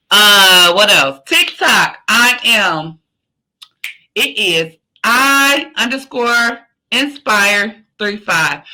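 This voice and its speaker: A woman's voice: mid-range voice, bright, forceful tone, low-quality recording. A woman podcast host closing her show with a fired-up motivational speech. She repeats each point over and over, preaches encouragement, and keeps the talk casual and slangy. Now and then she drops a curse word. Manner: emphatic, repetitive, preachy encouragement; casual, slangy, occasionally profane.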